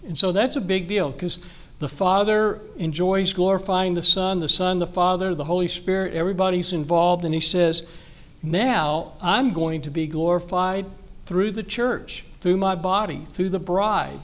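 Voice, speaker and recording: High-voiced man preaching a sermon. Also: normal speed, a bit bright. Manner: reads scripture aloud and explains it conversationally. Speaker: pastor.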